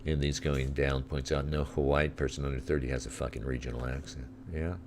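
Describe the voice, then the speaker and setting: Very deep gravelly sardonic man. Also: little pitch movement, a little fast, noisy background. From Southern California. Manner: sardonic, crude asides. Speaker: livestream host. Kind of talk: casual commentary over live feeds.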